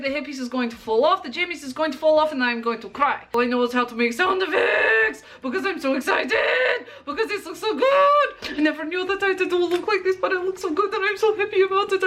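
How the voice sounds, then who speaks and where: A young woman talking through a makeup tutorial in a bubbly, excitable way, playfully praising herself. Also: high voice, slight background noise. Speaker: makeup vlogger.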